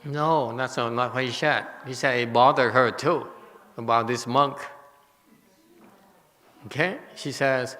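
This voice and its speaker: A man giving a Buddhist Dharma lecture, animated and teasing, laughing often as he answers questions. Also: mid-range voice, measured pace, pauses often. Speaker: Buddhist teacher. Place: temple hall. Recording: long hall reverb.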